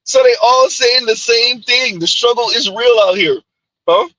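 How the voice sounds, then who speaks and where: A man hosting a livestream who reads viewer comments aloud in an animated, teasing way. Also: very high-pitched, a little slow, dry recording, rough recording. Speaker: livestream host. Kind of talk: reading live chat comments.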